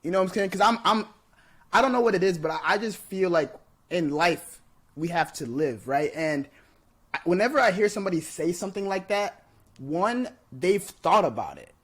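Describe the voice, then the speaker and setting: A male podcast host speaks with emphatic, encouraging energy. His voice sits slightly high, and he keeps checking in with his guest in a relaxed, chatty way. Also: normal speed, husky. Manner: emphatic and encouraging, often asks "you know what I'm saying". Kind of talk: casual interview chat.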